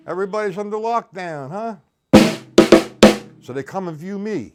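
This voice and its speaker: A man's voice: high-pitched, expressive, measured pace, long pauses, over loud music. A man giving a live-streamed drum lesson, counting beats aloud and greeting his viewers between examples. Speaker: drum teacher. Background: drums played while talking.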